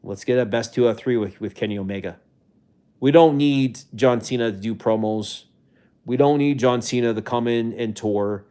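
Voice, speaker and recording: A man's voice: medium pitch, normal speed, mellow, clean tone. A man live-streaming from a rental home, talking casually to his viewers in a rambling way, often restarting his sentences, and at times getting emotional. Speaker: livestreamer.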